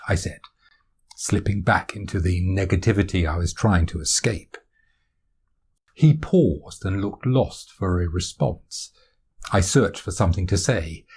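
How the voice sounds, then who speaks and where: A man's voice: low voice, animated, normal speed, husky. A man reading his own novel aloud as audiobook narration, in a wry, self-deprecating first-person manner.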